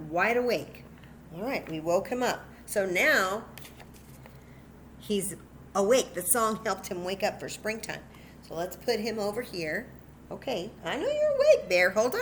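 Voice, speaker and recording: A woman leading a children's story time at home, speaking slowly in a sing-song way and talking directly to the kids. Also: medium pitch, fairly bright tone, a little hiss or hum. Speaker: children's librarian. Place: home room with a cat nearby.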